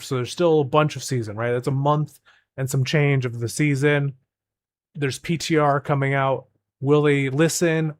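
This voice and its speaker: A young man, a gaming streamer, ranting casually and rambling with restarts and exasperated asides. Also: medium pitch.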